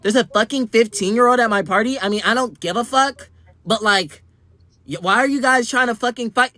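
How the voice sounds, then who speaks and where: A woman's voice: lowish voice, lively intonation, a little fast, fairly bright tone. A man voicing an angry young woman who scolds and swears at a party crowd. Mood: outraged. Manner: profane, scolding.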